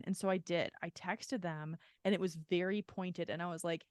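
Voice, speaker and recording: This woman's fairly low voice holds a steady tone at a moderate pace with few pauses, recorded in clean studio sound with no room noise. As a podcast co-host in casual conversation, she rambles candidly, says "like" constantly, and swears freely.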